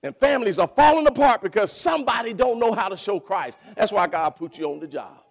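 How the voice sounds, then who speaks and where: A man preaching a sermon, animated, asking and answering his own questions and bursting into shouts. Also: high-pitched, fairly quick, vocal fry.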